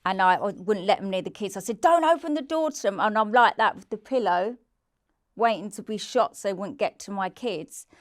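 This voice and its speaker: A woman's voice: mid-range voice, normal speed, dry recording, studio quality. A woman, a podcast guest telling a personal story in a blunt, candid way and swearing freely. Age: 40s. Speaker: interview guest.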